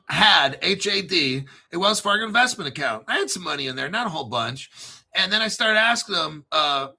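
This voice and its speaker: A man hosting a casual online talk show, talking in a profane, animated way. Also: on the high side, vocal fry. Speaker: crypto channel host. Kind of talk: casual livestream chat.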